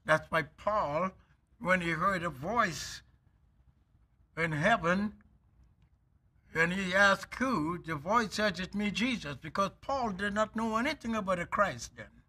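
Slow, bright-voiced preaching man. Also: a little high, slightly rough. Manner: emphatic, drawn-out preaching with sudden loud bursts. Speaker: elder preaching. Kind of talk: sermon.

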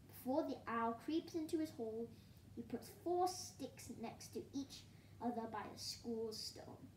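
Woman storyteller, soft hushed delivery, slow, lively high voice, roomy echo. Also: slight background noise. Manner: gentle, hushed, often near a whisper. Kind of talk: children's story reading.

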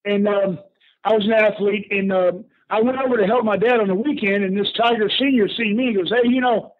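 Older guy telling stories over a phone, kinda high voice, laughs a lot. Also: a little fast. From Houston, Texas. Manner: acts out quoted people, laughs often. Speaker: guest, former pro wrestler. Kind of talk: casual storytelling. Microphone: phone call. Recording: tinny phone line.

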